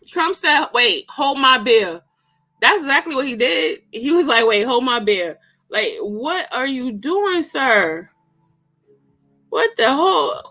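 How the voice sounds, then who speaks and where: A woman talks through a debate in a slow, unhurried way, her voice bright and a little high. She is slangy and exclaims a lot, breaking into laughter often. Faint music plays behind her. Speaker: vlogger reviewing a political debate. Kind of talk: casual commentary.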